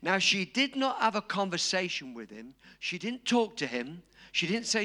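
A man preaching a sermon, dramatic and storytelling, acting out quotes and rising to shouts. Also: sits high, very animated, normal speed, hardly any pauses.

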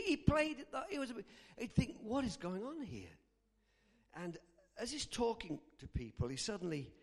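A man preaching a sermon, telling a story and acting out the characters' lines. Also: fairly high pitch. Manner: animated, acts out characters' lines. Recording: long hall reverb.

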